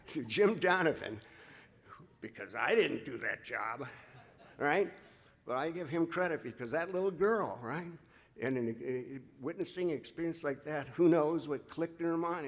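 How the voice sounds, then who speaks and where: Emotional man giving a ceremony speech. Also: mid-range voice. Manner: halting, with frequent restarts, addresses the crowd as folks. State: emotional, voice catching. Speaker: ceremony speaker presenting an inductee.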